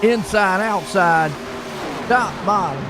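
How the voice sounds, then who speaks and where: A man's voice: high-pitched, takes it slowly, over music. A man doing laid-back play-by-play commentary for an online sim race, chatty and chuckling between calls.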